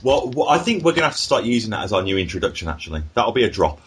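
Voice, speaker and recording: A man's voice: fairly low pitch, very animated, very fast, slightly rough. A man hosting a podcast, joking irreverently and reading out listener emails. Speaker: podcast host. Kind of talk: casual podcast chat.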